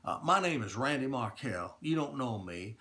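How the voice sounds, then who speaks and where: A man doing a quick impression of an eager, direct Southern businessman with a Texas accent. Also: mid-range voice, animated, pushed and bright.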